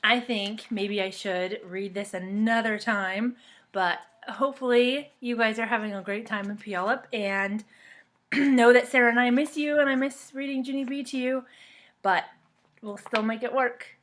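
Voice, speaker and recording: A woman reading a children's storybook aloud in a lively, expressive way, then talking to the children she reads for. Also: fairly high pitch, a little slow. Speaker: reader of a children's book.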